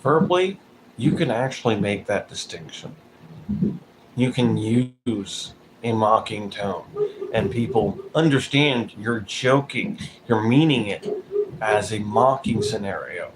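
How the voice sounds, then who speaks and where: A man's voice: fairly low pitch, animated, slow pace. A man giving blunt, profane commentary in a casual vlog, calling people out directly. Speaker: vlogger. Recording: noticeable background noise.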